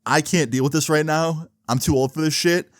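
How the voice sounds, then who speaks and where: A man's voice: on the high side, steady tone, fairly quick, no room sound, lightly acted. Man playing a stern, swearing older cop, dry close sound. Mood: exasperated. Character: fed-up older male cop.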